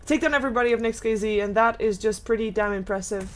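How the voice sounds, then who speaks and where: A young woman calls a live esports match with quick, excitable play-by-play. Her voice sits a little high for a woman, and she laughs along with her co-caster. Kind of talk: live game commentary.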